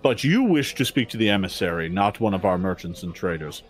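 A man voicing a stern, formal male orc gate guard who speaks in a slow, measured way. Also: low-pitched, lively intonation, pitched below the performer's own voice.

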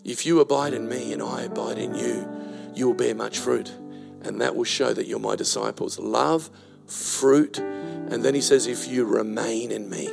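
Gravelly older man preaching. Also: mid-range voice, moderate pace, music in the background. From Australia. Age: 60s. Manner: rhythmic rhyming preaching, storytelling asides. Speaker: pastor. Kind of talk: sermon.

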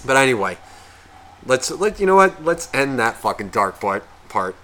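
A man co-hosting a comedy podcast, with a bright, forward voice. He rambles and curses nonstop, restarting sentences as stories tumble out. A faint hiss sits under his voice. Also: sing-song, normal speed. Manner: profane, rambling storyteller; mimics relatives in a high, gushing voice. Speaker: podcast co-host. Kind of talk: casual comedic chat.

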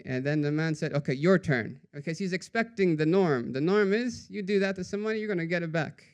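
A man giving a storytelling sermon in a conversational way, often adding "right?" and dropping to a hushed voice for quoted sayings. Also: sits high, fast talker, smooth. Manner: conversational, says "right?" after nearly every phrase. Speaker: religious teacher.

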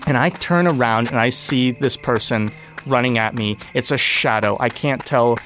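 A young man telling a personal story, animated and breathless, with sudden loud bursts. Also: medium pitch, moderate pace, faint music behind. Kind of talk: personal story told on stage.

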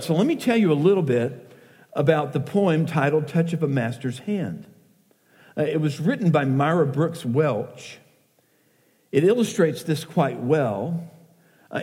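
A middle-aged male pastor preaches slowly and earnestly, his voice mellow and a touch high for a man. He reads verse with quiet feeling. His words ring out with the long reverb of a church hall. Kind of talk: sermon with poetry reading. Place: church sanctuary.

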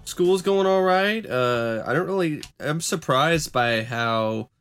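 A young college student co-hosting a podcast, rambling and hesitant, often correcting himself. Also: male voice, on the high side, animated, slow pace, a bit bright, soft background music. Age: young adult. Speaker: podcast co-host. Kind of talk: casual chat.

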